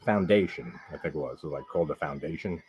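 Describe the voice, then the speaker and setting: Hosting a live horror movie stream, this man from Long Island, New York, chats casually with viewers in an extremely low, darkish voice, talking fast against slight background noise. He rambles on, drops "like" nonstop, and curses without restraint.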